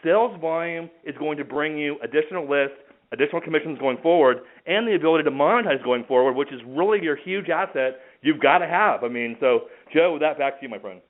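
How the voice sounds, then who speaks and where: A man giving a driven, rapid business pitch on a conference call, teasing upcoming news. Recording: tinny phone-line audio.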